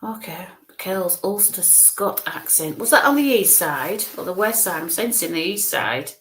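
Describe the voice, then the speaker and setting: A woman giving live psychic mediumship readings, reassuring viewers and softly coaxing spirits to come closer. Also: mid-range voice, animated, measured pace. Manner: reassuring, repeats "bless you" and "okay", coaxing spirits closer.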